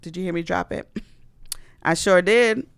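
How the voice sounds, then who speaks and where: A woman telling a personal story in a casual monologue, animated and blunt, with dramatic emphasis and swearing. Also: fairly low pitch, normal speed, gravelly, smooth.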